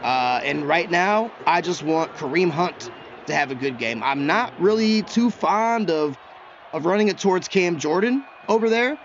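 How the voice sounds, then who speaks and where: Excitable male gameplay commentator, high voice, self-talk style; slightly muffled recording with faint background noise. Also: unhurried. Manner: chatty, excitable, talks to himself while he plays. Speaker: gaming YouTuber.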